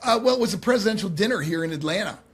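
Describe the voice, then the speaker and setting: A man as a podcast guest, telling stories in a lively, casual way with many fillers and restarts. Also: high-pitched, rapid-fire, slightly rough. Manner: animated, lots of fillers and restarts. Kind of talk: casual interview storytelling.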